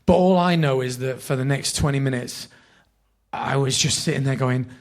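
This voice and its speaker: A man with a northern English accent, a podcast guest telling animated, self-deprecating, sweary anecdotes. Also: medium pitch, moderate pace. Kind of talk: anecdotal storytelling.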